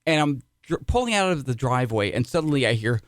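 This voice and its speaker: A middle-aged man co-hosting a podcast, chatting casually and telling animated stories with sudden loud asides. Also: mid-range voice, fast talker, dry recording, studio quality. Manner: animated storyteller, jumps into shouted asides. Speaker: podcast co-host. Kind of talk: casual chat.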